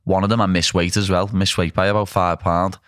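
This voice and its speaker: A man's voice: low voice, level tone, brisk, fairly bright tone, no room sound, studio quality. A young man with a Liverpool accent hosting a casual chat, blunt and self-deprecating. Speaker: podcast host.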